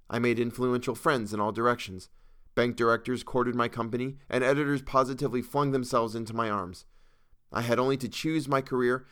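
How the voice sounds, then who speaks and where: A man reading a first-person tale aloud in a measured, earnest storytelling manner. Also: medium pitch, fairly bright tone, clean tone, no room sound, clean studio sound. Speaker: audiobook reader. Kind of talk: first-person audiobook narration.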